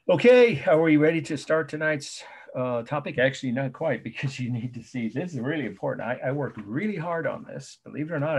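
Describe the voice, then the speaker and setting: A man lecturing on art history over a video call, slowly spelling out terms and repeating key points. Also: medium pitch, vocal fry, breathy edge. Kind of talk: online lecture.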